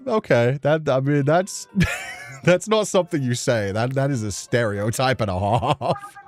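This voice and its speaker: A woman's voice: extremely low pitch, big pitch swings, takes it slowly, faint music behind. A woman streaming a game, chatting casually and giggling between lines. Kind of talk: casual let's play commentary.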